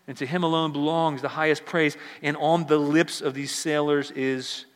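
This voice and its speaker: A man preaching a sermon as pastor, swinging between loud, fast bursts and low, quiet stretches. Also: big-room sound. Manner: animated preaching, surging loud and high then dropping low.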